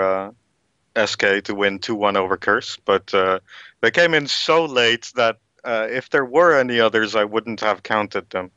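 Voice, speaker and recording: A man with a low, bright, smooth voice running a prize draw. He talks hesitantly, with lots of fillers. The audio comes through a dull, lo-fi voice chat. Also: dry recording.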